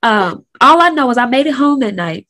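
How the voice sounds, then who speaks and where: Candid woman in her thirties, slightly high. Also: animated, fairly quick, pushed and bright. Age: 30s. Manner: candid, conversational, slangy. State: sick. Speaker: host. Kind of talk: casual personal storytelling.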